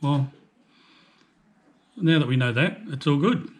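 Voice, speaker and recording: Easygoing older Australian truckie. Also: male voice, fairly high pitch, slow, a crowd in the background. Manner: easygoing, jokey, playful with his granddaughter. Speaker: truck driver vlogger. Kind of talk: casual chat to camera. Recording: faint background noise.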